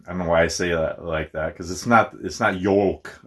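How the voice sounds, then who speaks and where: A man's voice: low voice, steady tone, moderate pace. A middle-aged man from Minnesota talking in a casual, rambling vlog, self-deprecating and laughing often. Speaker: YouTuber.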